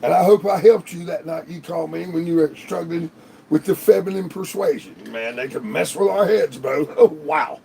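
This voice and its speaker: Gravelly, animated man rambling on a livestream. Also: on the high side, normal speed, a little hiss or hum. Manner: rambling, profane, often laughing. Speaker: livestream host. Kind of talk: casual live-stream chat.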